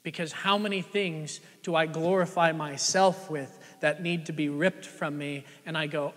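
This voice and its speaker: A man preaching a sermon as pastor, shifting between loud, emphatic lines and hushed, near-whispered ones, with lots of rhetorical questions to the congregation. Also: on the high side, steady tone, normal speed, hardly any pauses. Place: church sanctuary. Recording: long church-hall reverb.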